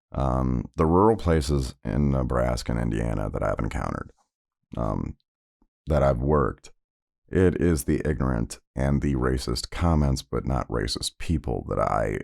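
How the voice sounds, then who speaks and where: Low, gravelly man telling stories. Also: a little mellow. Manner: conversational, rambling with many fillers. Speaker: podcast host. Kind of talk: personal storytelling podcast.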